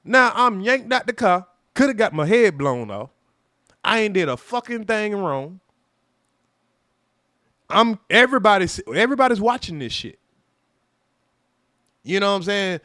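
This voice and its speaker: Animated profane man telling a story. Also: high-pitched, measured pace, pauses often, no room sound, studio quality. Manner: animated, profane, acts out quoted voices loudly. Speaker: livestream host telling a personal story. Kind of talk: casual livestream storytelling.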